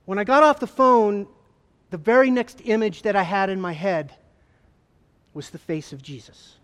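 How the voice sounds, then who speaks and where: Man, high voice, earnest halting testimony, former trooper, long reverb of a large hall. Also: a bit bright. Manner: earnest, halting storytelling with repetitions. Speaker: former state trooper giving his testimony. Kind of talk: emotional personal testimony to an audience.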